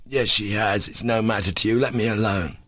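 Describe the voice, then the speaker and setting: Sickly scornful manservant in a classic-novel audiobook, man narrating low voice, drawling and contemptuous. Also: a little fast, fairly bright tone, dry recording. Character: sick, scornful former valet, man, contemptuous.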